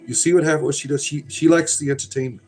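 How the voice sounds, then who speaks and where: A man's voice: on the high side, steady tone, fast, darkish tone, faint music behind. A middle-aged man hosting a casual livestream, reading chat aloud in a rambling, sardonic, irreverent way.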